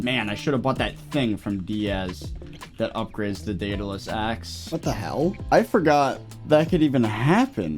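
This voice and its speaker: A young man giving casual gameplay commentary, excitable, gasping and shrieking when something rare turns up. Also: medium pitch. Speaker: gaming YouTuber.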